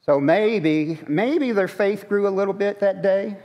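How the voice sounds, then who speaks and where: Male preacher, slightly high pitch, conversational questioning sermon, long church reverb. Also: unhurried, dull audio. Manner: conversational, asks the congregation questions. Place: church sanctuary.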